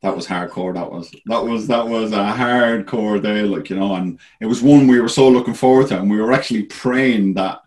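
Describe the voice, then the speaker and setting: A man's voice: lowish voice, normal speed, few pauses, darkish tone. An Irish man, a former goalkeeper, telling stories as a guest in a casual, rambling way, full of "like, you know.". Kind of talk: casual storytelling.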